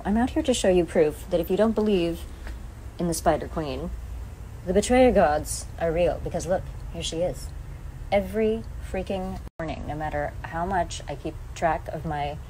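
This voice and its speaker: A woman's voice: fairly low pitch, dark tone, a little hiss or hum. A woman chatting playfully and jokingly to followers in a casual phone vlog at home. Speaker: actor taking over a social media account. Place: at home, garden and office. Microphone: phone at arm's length.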